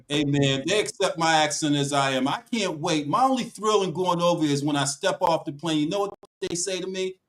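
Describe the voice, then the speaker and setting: Emphatic man, high voice, preaching cadence. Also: moderate pace, rough recording. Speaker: panelist. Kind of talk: talk show discussion.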